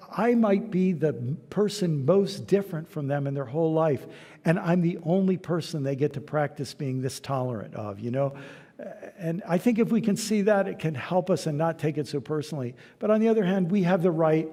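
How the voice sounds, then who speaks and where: A man speaking as a guest lecturer, answering questions and telling stories in a relaxed, conversational way in a church hall. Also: fairly high pitch. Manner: conversational storytelling, soft trailing endings. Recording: hall reverb.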